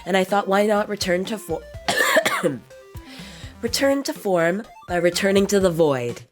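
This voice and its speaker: A woman streamer chatting casually and playfully with her viewers, her voice hoarse from being sick. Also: medium pitch, animated, faint music behind. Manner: playful, quick banter with chat. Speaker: virtual streamer. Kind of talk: casual livestream chat.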